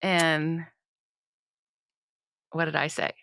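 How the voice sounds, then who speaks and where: Playful deep-toned woman co-host, dry sound. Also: little pitch movement, drawn-out words, creaky, a bit bright, clean tone, no room sound. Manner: playful, trades lines and bits, sudden pitch jumps into silly voices. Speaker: podcast co-host, gigging singer. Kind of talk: casual comedic chat.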